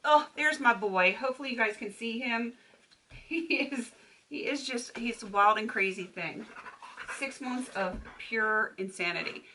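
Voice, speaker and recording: A woman beauty vlogger chats to camera from her filming room at home. Her voice is bright and forward, and she sounds relaxed and unscripted. She laughs often as she goes. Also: fairly high pitch, unhurried, slight background noise. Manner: chatty, laughs often, baby-talks to her puppy. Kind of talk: casual chat to camera.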